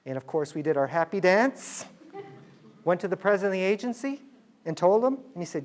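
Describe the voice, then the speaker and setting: A man's voice: high voice, expressive, fairly quick. A middle-aged man telling a business story to students, acting out the dialogue in quoted voices.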